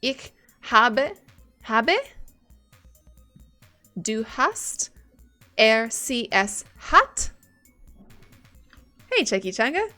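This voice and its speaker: A woman's voice: on the high side, very animated, very slow, long pauses, bright, forceful tone, faint music behind. A woman streaming live as she studies German, chatting casually and thinking aloud, swearing now and then when she gets stuck.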